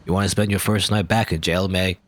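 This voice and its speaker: Man doing a gruff small-town cop. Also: deep voice, steady tone, fairly quick, a bit bright. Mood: stern. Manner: gruff, stern.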